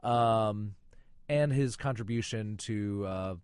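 A man's voice: on the low side, takes it slowly, darkish tone, clean tone, dry recording, studio quality. A man reviewing films and chatting on the radio, with chatty joking asides. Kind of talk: casual radio chat.

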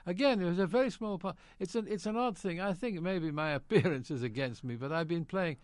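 Older British actor, dry close sound. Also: male voice, sits high, brisk, no echo. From Britain. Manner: genial, reminiscing, acts out quoted lines. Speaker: actor guest. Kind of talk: interview, anecdotal storytelling.

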